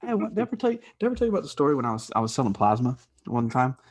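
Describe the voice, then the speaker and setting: A man's voice: medium pitch, big pitch swings, racing, breathy edge. A young man co-hosting a casual podcast, telling rambling stories with lots of laughter and swearing. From grew up half Mexican in the US. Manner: laughs often, swears a lot, rambling storyteller. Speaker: podcast co-host.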